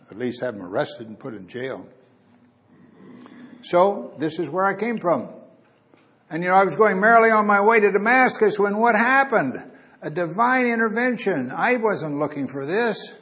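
Man teaching scripture in an animated sermon. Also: a little high. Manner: conversational, reads scripture aloud with dramatic emphasis. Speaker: preacher.

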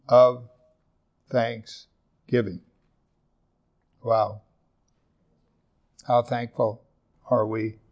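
Gravelly man preaching a sermon. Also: mid-range voice, darkish tone. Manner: earnest, slows down to stress scripture, repeats verses. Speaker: pastor.

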